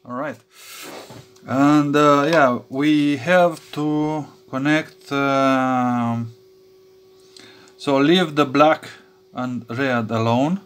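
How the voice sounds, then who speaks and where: A man's voice: mid-range voice, a bit bright, smooth. A man talking through a soldering job at his workbench, with lots of fillers and restarts. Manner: halting, many fillers and restarts, chuckles to himself. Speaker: electronics hobby vlogger. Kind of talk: casual workbench commentary.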